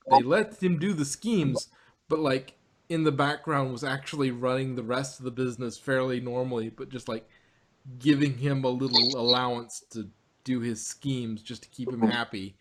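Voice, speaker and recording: A man's voice: mid-range voice, slight background noise. A man co-hosting a casual review chat, rambling with many restarts and frequent laughs. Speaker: podcast co-host.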